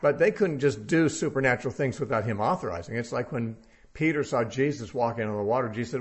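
A man's voice: medium pitch, fast. A man teaching through a Bible passage verse by verse, talking casually and thinking aloud with frequent fillers.

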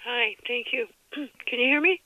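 Slow hesitant woman on a phone line. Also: a little high, no room sound. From Seattle area. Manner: hesitant, with throat clearing. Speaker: caller. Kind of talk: phone-in question.

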